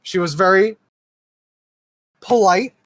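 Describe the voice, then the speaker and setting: Male podcast co-host with a dry close sound, animated and exasperated storytelling, curses freely. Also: sits high, takes it slowly, no echo. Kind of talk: casual chat.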